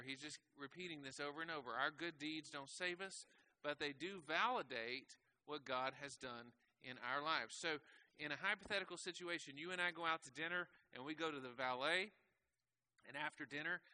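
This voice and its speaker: Male pastor, bright and forceful tone, slightly high, casual sermon delivery with rhetorical questions. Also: slight background noise. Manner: conversational preaching with rhetorical questions. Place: church.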